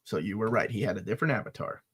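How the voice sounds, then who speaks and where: A middle-aged man co-hosting a casual live chat, joking and telling stories with animated delivery. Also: on the low side, rapid-fire, husky. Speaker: co-host of a comics channel.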